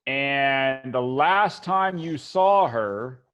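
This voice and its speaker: Slow, halting male game master. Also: medium pitch, expressive, a bit bright, smooth, muffled recording. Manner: halting, many fillers and restarts. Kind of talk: narrating a tabletop game.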